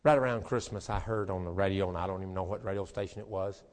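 A man preaching a sermon as pastor, moving between quiet, conversational talk and fervent, shouted rhythmic passages. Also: low voice, fairly even intonation, quick pace. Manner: repetitive, rhythmic preaching cadence.

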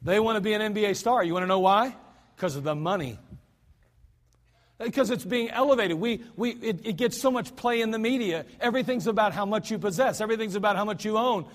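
A man's voice: sits high, fairly quick. An American man preaching a sermon in a church, folksy and self-deprecating, with chatty asides to the congregation. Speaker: pastor. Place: church sanctuary. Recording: hall reverb.

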